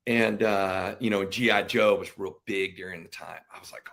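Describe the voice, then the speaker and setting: A man's voice: low voice, steady tone, moderate pace, gravelly, few pauses, a bit bright. A middle-aged man, a veteran guest on a podcast, telling stories animatedly and acting out family members' voices. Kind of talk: casual storytelling interview.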